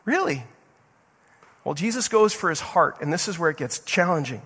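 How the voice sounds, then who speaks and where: A man's voice: fairly high pitch, animated, normal speed, pauses often, a bit bright, slightly rough. A male pastor preaching a passionate sermon to his congregation, firing questions at them and stumbling over repeated words as he pushes on. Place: church sanctuary. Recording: long reverb of a large hall.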